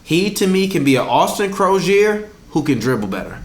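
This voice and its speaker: A man's voice: a little high, very animated, normal speed. Argumentative man in an echoey room. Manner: argumentative, talks over his co-host, stumbles on names. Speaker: podcast co-host. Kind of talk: casual sports debate.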